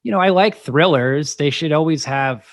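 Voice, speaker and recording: A man's voice: a little high, normal speed, dry recording, studio quality. A man co-hosting a film podcast, speaking sarcastically and critically. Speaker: podcast co-host. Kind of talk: casual film discussion.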